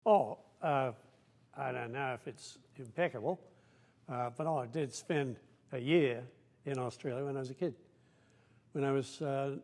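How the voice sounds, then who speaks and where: A man's voice: medium pitch, measured pace, long pauses, darkish tone. A man telling anecdotes as an interview guest, wry and dry in his humour. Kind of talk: anecdotal storytelling.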